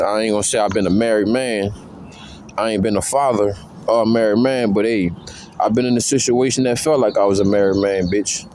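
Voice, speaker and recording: A man's voice: lowish voice, a little mellow, slight background noise. A man talking to the camera in a slangy, profane, rambling way, telling stories about his past relationships. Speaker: vlogger. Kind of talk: casual monologue.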